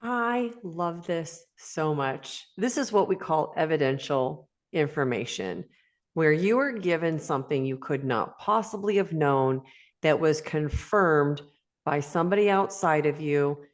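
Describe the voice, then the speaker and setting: A woman hosting an interview, talking slowly and affirming her guest. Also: low-pitched, animated. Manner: slow, warm-hearted, affirming. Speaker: interview host.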